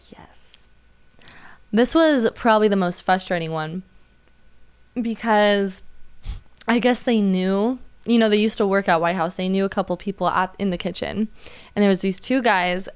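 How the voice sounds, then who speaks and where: A woman's voice: moderate pace, clean tone. A young woman, a waitress, telling stories in casual chat and acting out the people in them. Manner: animated, acts out quotes in high voices. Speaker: podcast guest, waitress.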